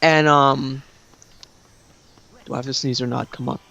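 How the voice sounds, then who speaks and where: A young man in casual chat during a gameplay video, rambling and excitable, with many fillers. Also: medium pitch, unhurried, gravelly, dull audio, background noise.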